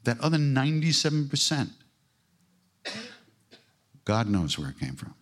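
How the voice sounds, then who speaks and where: A man's voice: mid-range voice, very animated, measured pace, a little hiss or hum. An older man giving a casual spiritual talk as a podcast host, emphatic and irreverent, with blunt swearing and self-mocking jokes.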